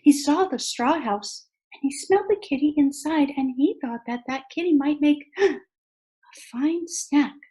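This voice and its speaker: A woman reading a children's story aloud with expressive, animated storytelling during a worship service. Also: sits high, a little slow. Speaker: worship leader. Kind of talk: story read-aloud in a sermon.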